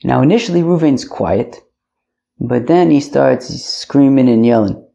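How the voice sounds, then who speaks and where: A man's voice: mid-range voice, measured pace, dark tone, muffled recording. A man teaching a casual Talmud class, loose and chatty, sprinkling in Yiddish and Aramaic terms. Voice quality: gravelly.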